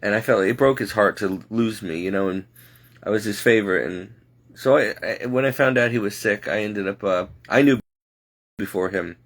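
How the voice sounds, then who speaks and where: Low-voiced man telling a personal story. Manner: earnest, halting, circles back on itself; devout, speaks of God and the supernatural.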